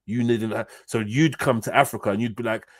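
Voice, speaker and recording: Man, casual livestream talk, slangy and lively, dry sound. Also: fairly quick, no room sound. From United Kingdom. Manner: animated, slang-heavy, swings from low and soft to loud and high. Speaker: livestream host. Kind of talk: casual chat.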